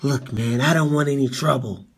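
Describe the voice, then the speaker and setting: A man's voice: mid-range voice, normal speed, breathy edge. A man on a livestream ranting in a mocking, profane, heckling way.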